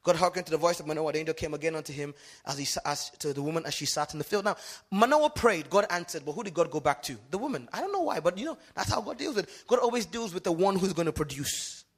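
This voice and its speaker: A man preaching a sermon in a fairly high voice, with Yoruba as his mother tongue. He swings between booming exclamations and quiet asides, reading scripture and pressing the congregation to answer back. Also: expressive, fast, breathy edge. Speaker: pastor.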